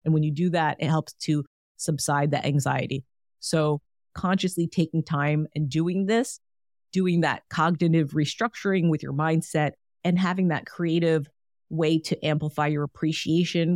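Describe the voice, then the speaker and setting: A woman's voice: sits low, a little mellow, no echo, clean studio sound. A woman hosting a solo wellness podcast, talking in an upbeat, encouraging, chatty way with lots of "like". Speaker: podcast host.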